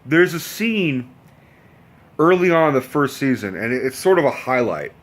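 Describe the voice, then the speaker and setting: A man's voice: medium pitch, sing-song, moderate pace. A man in a casual vlog rant, telling a story in a rambling, profane way with many restarts. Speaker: vlogger.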